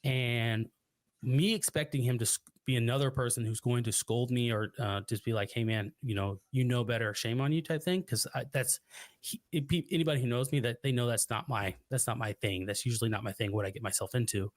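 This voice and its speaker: An earnest young man speaks as a podcast guest, reflective and halting, often starting a phrase again before finishing it. His voice sits at an ordinary pitch for a man. The room is dry with no echo. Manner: earnest, reflective, many restarts. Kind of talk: personal storytelling.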